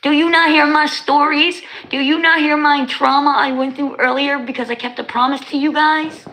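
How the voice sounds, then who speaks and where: Bright-voiced woman streamer. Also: high-pitched, moderate pace, slight background noise, low-quality recording. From New Jersey. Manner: animated, slangy, talks straight to chat. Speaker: livestreamer. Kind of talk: casual livestream chat with viewers.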